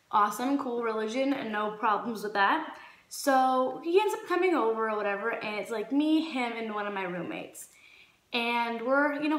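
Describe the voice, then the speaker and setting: Young woman doing a story time vlog, kinda high voice, animated, echoey room w faint music. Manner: animated storytelling, acts out quotes. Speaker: vlogger.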